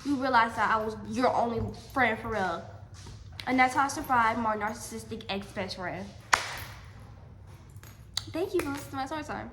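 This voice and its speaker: High, animated young woman telling a story. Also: normal speed, long pauses, noisy background. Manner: animated, emphatic storytelling with repeated lines. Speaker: vlogger. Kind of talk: storytime vlog. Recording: echoey room.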